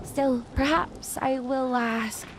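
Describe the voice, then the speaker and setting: A woman voicing a composed male detective in a put-on Irish accent. She reads his game narration in measured, formal lines. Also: sits high, fairly even intonation, background noise. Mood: wary. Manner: measured, formal storybook phrasing. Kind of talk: reading game narration in character.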